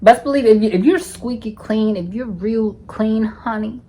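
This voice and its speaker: A woman's voice: fairly high pitch, normal speed, mellow, husky. A woman from the United States telling a storytime vlog in a sassy, profane way, tossing in "honey" at every turn. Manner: sassy, profane, calls listeners honey constantly. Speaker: storytime vlogger. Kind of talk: casual storytelling.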